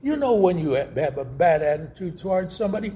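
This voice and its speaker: A man's voice: sits high, big pitch swings, very noisy. A man preaching a sermon, telling stories and acting out quoted voices. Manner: slow, storytelling with quoted voices.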